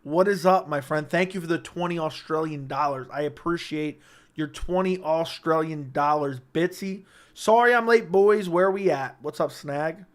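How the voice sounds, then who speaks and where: A man's voice: a little high, normal speed. A young man hosting a late-night casual livestream, bantering with his chat in a brash, profane, joking way. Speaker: livestream host.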